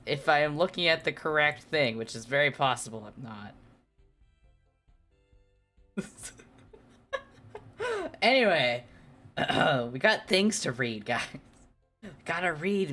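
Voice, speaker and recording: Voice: medium pitch, pushed and bright. A streamer chatting casually with viewers and reading aloud, laughing often and stumbling over words. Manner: self-deprecating, chats with viewers.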